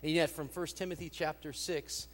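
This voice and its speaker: Expressive pastor preaching in an echoing hall. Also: male voice, moderate pace. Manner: expressive, acts out quoted lines with rising pitch and emphasis. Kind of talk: sermon. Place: church sanctuary. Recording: long reverb of a large hall.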